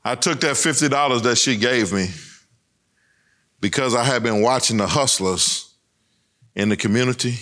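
A middle-aged man delivers a personal testimony, telling his story in a bright, forceful tone at a moderate pace. He pauses often and swings emphatically between raised and lowered lines.

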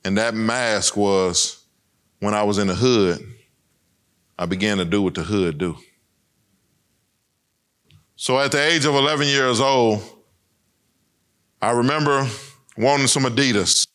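A middle-aged man giving a personal testimony speech, telling his story with emphatic swings between raised and lowered lines. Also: unhurried, pauses often, a bit bright.

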